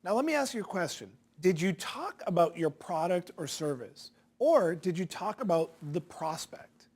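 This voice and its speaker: Man coaching with a lively, swinging pitch. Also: normal speed, slightly rough. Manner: direct, punchy, rhetorical questions. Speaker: sales coach. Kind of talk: instructional talk to viewers.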